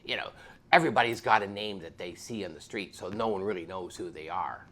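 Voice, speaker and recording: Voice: deep voice, fairly quick, a bit bright. A police officer giving an earnest, preachy spoken testimony.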